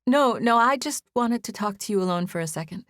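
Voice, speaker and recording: A woman's voice: mid-range voice, lively intonation, a little fast, a bit bright, no room sound, voice pushed up, lightly acted. A woman narrator voicing a tired, nervous young woman who is close to tears and speaks breathily, apologizing as her words tumble out. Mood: anxious, apologetic. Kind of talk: audiobook character voice.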